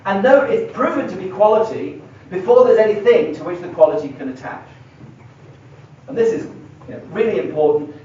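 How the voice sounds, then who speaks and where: A man's voice: fairly high pitch, a little mellow, slight background noise. A middle-aged man giving a university philosophy lecture, thinking aloud and stressing key words as he writes on a board. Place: lecture room. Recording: echoey lecture hall, mic far away, dull and lo-fi.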